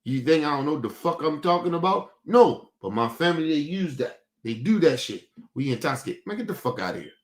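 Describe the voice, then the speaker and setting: A young man holds forth on his stream in a heated, profane rant. He circles back and repeats his points, and his voice sits a little higher than most men's. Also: big pitch swings, a little fast. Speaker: streaming show host. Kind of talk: casual rant to a stream audience.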